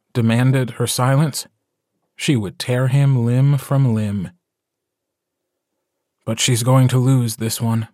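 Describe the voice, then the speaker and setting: A man narrating a story in a measured, even way in an audiobook. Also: mid-range voice, no room sound, clean studio sound. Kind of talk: scripted narration.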